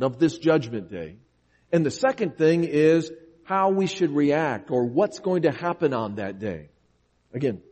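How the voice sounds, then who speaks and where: Earnest preacher in a reverberant hall. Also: male voice, a little high, mellow, slightly rough. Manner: earnest, emphatic scripture preaching with repeated phrases. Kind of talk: sermon. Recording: long reverb of a large hall.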